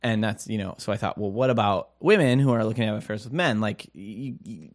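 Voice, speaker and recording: Joking podcast co-host, dry mic. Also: male voice, lowish voice, fairly quick, dry recording. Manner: jokey, rambling with fillers. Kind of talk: casual podcast chat.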